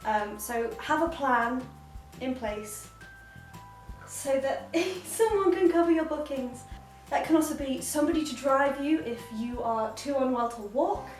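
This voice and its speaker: Chatty high-voiced woman, roomy sound. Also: expressive, unhurried. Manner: chatty, giggly, playful asides to a cat. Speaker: cat sitter giving advice. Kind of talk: casual vlog advice. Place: indoors at home with a cat. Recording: roomy, slightly distant, faint music.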